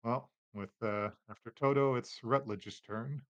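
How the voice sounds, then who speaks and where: Man, game master, tabletop narration, relaxed, filler-heavy, dry close sound. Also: medium pitch, measured pace, no echo, highs cut off.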